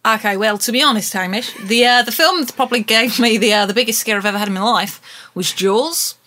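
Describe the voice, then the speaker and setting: A woman putting on a hammed-up mock Australian accent, playful and bright, with a high-set sound. She banters in a podcast and laughs between phrases. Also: very slow, exaggerated voice. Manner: playful, laughing mid-sentence.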